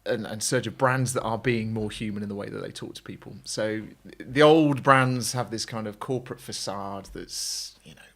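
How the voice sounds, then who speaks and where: Male podcast guest from England, gravelly and bright, chatty and self-deprecating. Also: lowish voice, normal speed, few pauses. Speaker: podcast guest, agency founder. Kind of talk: casual chat.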